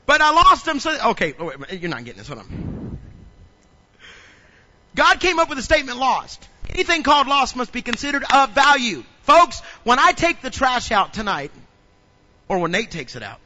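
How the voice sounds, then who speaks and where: A man pastor preaching a sermon, telling funny stories and building up to loud preaching. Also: very high voice, sing-song, moderate pace, slight background noise. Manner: humorous storytelling, acts out little scenes.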